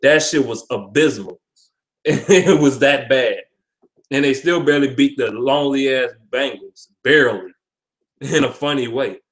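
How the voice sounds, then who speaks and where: A man's voice: mid-range voice, measured pace, poor audio. A man hosting a casual video of sports predictions, talking bluntly with plenty of swearing and often repeating and restarting his words. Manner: blunt, profane trash talk with frequent repeats and restarts; stumbles over words. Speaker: vlog host giving sports picks.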